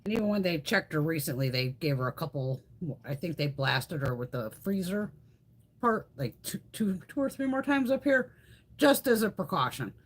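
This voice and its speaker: A woman's voice: on the low side, normal speed. A middle-aged woman hosting a beauty livestream, chatting casually, swearing freely and answering viewers. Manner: animated, swears freely, chats with live viewers.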